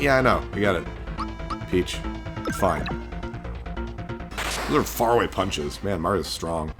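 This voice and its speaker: A man hosting a let's-play, chatting excitedly through his gameplay and laughing often. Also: low voice, a little slow, pauses often. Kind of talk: gameplay commentary. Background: game music.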